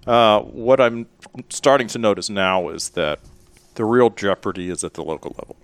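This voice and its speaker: Deep-voiced guy from memphis on a podcast, relaxed and measured, dry close sound. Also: clean tone, dry recording. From Memphis, Tennessee. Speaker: guest. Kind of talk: casual podcast interview.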